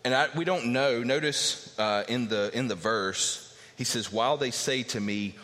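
A man's voice: mid-range voice, measured pace, bright, forceful tone. A man preaching a sermon earnestly, teaching verse by verse and acting out the voices he quotes. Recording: long hall reverb.

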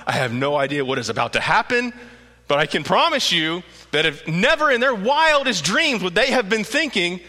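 A preacher playing a baffled, hesitant brother. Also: male voice, sits high, very animated, moderate pace, bright, forceful tone, heavily acted. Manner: hesitant, bewildered. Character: bewildered adult brother, baffled and uneasy. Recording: echoey hall.

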